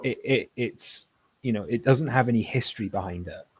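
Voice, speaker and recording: A man on a casual online panel chat who talks haltingly, with lots of restarts. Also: medium pitch, husky. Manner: hesitant, many restarts.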